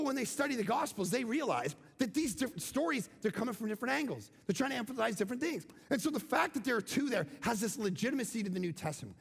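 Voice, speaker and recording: A man preaching a sermon as pastor, animated, swinging from loud emphasis down to near-whispers. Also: extremely high pitch, creaky, slightly rough, big-room sound.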